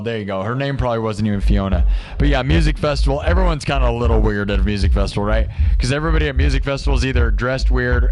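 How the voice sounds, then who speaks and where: Rambling low-voiced male streamer. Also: a little mellow. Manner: rambling, jokey, full of rhetorical questions. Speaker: livestream host. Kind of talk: casual livestream chat, reading viewer comments.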